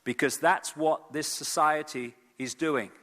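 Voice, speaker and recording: A man giving an animated lecture to a live audience at an event, with frequent fillers and repeated words. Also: fairly high pitch, measured pace, long reverb tail. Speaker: speaker at an event. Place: event hall.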